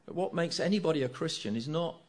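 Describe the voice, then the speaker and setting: A man's voice: a little high, expressive, quick pace. A middle-aged man preaching a sermon, earnest, repeating key phrases and asking rhetorical tag questions.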